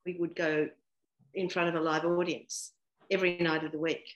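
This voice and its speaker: A woman's voice: fairly low pitch, level tone, moderate pace, dull audio. A woman in her sixties, a guest actor chatting casually in an interview, laughing often and full of fillers and restarts. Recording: roomy echo.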